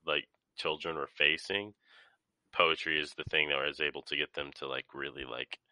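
Man with a very deep, bright voice. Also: steady tone, moderate pace, clear, resonant tone, no echo. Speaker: podcast co-host. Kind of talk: casual film discussion.

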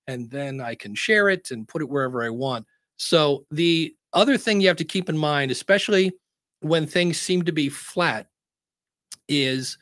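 A man teaching podcasting in a casual webinar, chatting and acting out quotes in a higher voice. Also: a bit bright, dry recording, clean studio sound. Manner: conversational, acts out quotes in a higher voice. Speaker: podcast educator presenting a webinar.

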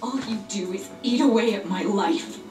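A woman's voice: medium pitch, normal speed, a little mellow, distant mic, natural voice. An actress playing a harsh, dismissive adult woman who is an older sister in a video game. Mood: cold. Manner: cutting, dismissive. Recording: roomy game audio, voice set back. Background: game music.

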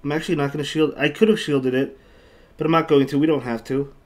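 A man's voice: on the high side, steady tone, quick pace. A man commentating his own online battles on a live stream, chatting with viewers between moves and often repeating himself. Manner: chatty, reads chat aloud, thanks viewers, repeats himself. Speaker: game streamer.

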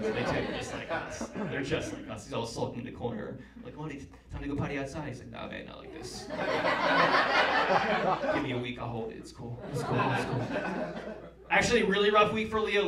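A man in his thirties doing a chatty, animated stand-up set with crowd work, using acted-out voices. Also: a little high. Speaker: stand-up comedian. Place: comedy club. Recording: roomy club with distant mic. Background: audience laughter.

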